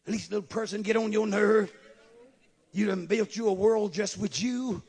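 Preacher, man, high husky voice, shouts then drops low. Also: steady tone, moderate pace. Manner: swings between shouted preaching and low asides. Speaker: pastor. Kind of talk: sermon.

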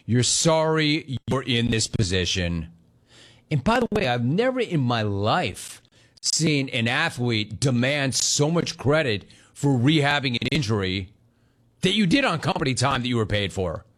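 A man's voice: medium pitch, big pitch swings, unhurried, a bit bright. A middle-aged man hosting a sports talk show, ranting in a heated, sarcastic way. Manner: sarcastic, heated, mocks the player in put-on voices. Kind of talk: sports radio rant.

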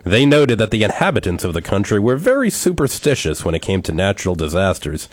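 Deep-voiced man telling a joke, dry sound. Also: brisk, dry recording. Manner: animated storytelling with acted shouts. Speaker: co-host. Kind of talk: casual chat and joke telling.

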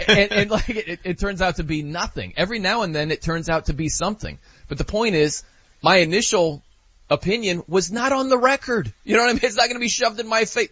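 A man hosts a sports talk show in a lively, casual way, often laughing and acting out quotes. His voice is bright and a little husky. The sound is dry and close but dull and lo-fi. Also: high voice, brisk, dry recording. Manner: animated, laughing, acts out quotes.

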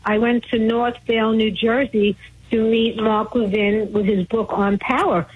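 Brief: female radio caller from Brooklyn, husky, higher voice, tinny phone line. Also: fairly even intonation, unhurried. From Brooklyn, New York.

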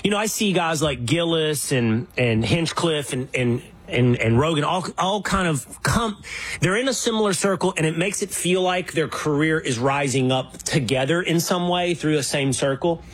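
A man's voice: on the high side, animated, moderate pace, slightly rough. A man from Texas who hosts the interview and asks long, rambling questions with many restarts. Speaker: interview host. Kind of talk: casual conversation.

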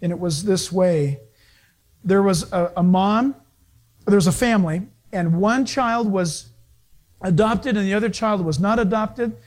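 Male preacher with a high voice, sermon storyteller who slips into other people's voices. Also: unhurried, darkish tone. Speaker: pastor.

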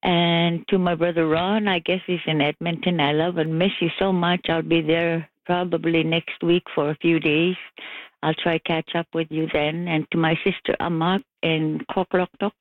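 A woman's voice: fairly low pitch, flat delivery, normal speed, no echo. An older woman phoning in to a radio show, sending emotional, rambling greetings to her family. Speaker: caller. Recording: tinny phone line.

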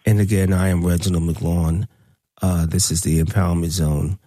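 A man's voice: sits low, level tone, normal speed, warm tone, no room sound, studio quality. A man hosting a radio talk show, speaking in a preachy, emphatic way and repeating his points.

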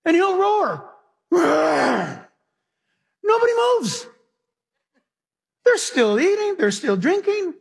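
A male pastor preaching a sermon with animated storytelling, acting out the characters in his stories. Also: extremely high pitch.

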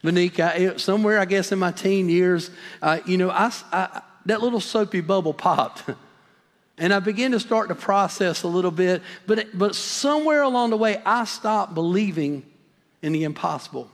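A man's voice: high-pitched, moderate pace. A man in his fifties, a pastor, preaching a sermon as earnest storytelling with emphatic repetition. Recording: long hall reverb.

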